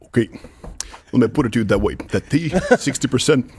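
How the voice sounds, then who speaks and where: A man's voice: medium pitch, lively intonation, brisk, darkish tone, a little hiss or hum. A man hosting a talk show, chatty and offhand as he interviews a guest. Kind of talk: casual interview.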